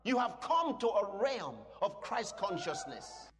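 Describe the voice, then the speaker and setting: A man preaching a sermon to a congregation, speaking emphatically and breaking into shouted declarations. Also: sits high, very animated, a little slow, background noise. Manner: asks the congregation questions. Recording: long reverb in a large hall.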